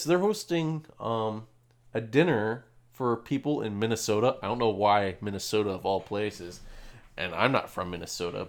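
A young adult man co-hosting a podcast, chatting casually and rambling with frequent restarts and laughs. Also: lowish voice. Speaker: podcast co-host. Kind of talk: casual chat.

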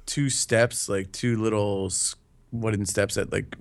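A man's voice: fairly low pitch, fairly even intonation, measured pace. A young man casually telling a story with friends, swearing freely and breaking into laughter. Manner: loose, profane, laughs through his story.

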